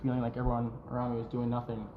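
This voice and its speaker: A man's voice: medium pitch, monotone, racing, over a noisy crowd. A man in a streamed clip, talking reflectively and rambling with many fillers. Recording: dull echoey room with clear background noise.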